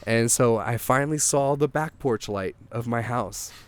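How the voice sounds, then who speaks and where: A man, a songwriter guest, telling a rambling anecdote in a casual, animated way, swearing and acting out what people said. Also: mid-range voice, moderate pace. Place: outdoors.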